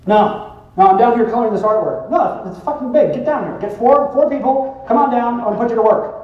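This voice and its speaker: Guy doing a pushy excited woman bossing her friends around, a bit higher and louder, echoey hall. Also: quick pace, dull audio. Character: bossy woman rounding up friends. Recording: roomy hall, distant mic.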